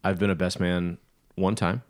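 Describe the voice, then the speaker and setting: A man's voice: low-pitched, moderate pace. A man, co-host of a podcast, telling a long personal story in casual chat, with a joking manner. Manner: joking storyteller, lively retelling.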